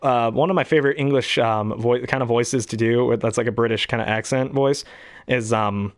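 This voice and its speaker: A man's voice: medium pitch, fairly quick, no echo, clean studio sound. Rambling, chuckling young man. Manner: rambling, chuckling, self-deprecating. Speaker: hobby voice actor. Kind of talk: casual chat about voices and impressions.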